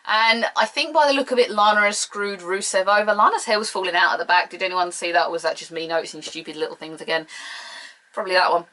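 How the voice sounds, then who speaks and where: A woman's voice: fairly low pitch, quick pace, pushed and bright, low-quality recording. A British woman from the UK giving a casual solo review, blunt, sarcastic and opinionated. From United Kingdom. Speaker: show reviewer.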